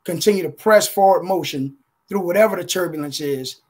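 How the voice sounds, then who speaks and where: Man, high-pitched voice, preacherly, motivational testimony, video call audio. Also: fairly quick. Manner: preacherly, repeats "guys" and "listen". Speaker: contributing author.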